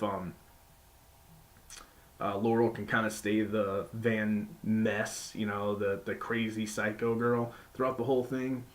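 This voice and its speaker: A man giving a casual spoken review of a wrestling show, rambling with many fillers and restarts, and acting out quotes in sudden high-pitched voices.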